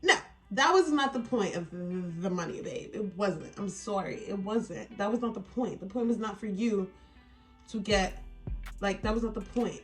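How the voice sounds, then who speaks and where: A woman telling a story in a get-ready-with-me vlog, animated and exasperated, with frequent swearing. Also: medium pitch, a little slow, faint music behind. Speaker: beauty vlogger.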